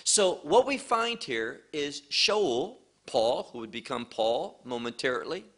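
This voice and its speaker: A man teaching a verse-by-verse sermon, speaking emphatically and deliberately and stressing key words. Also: a little high, bright, forceful tone. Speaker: Bible teacher.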